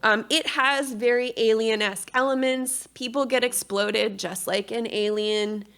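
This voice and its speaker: A woman's voice: fairly high pitch, measured pace, smooth. Candid woman presenting at a conference. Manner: candid and expressive, mixing scholarly reading with frank personal storytelling. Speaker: academic conference panelist.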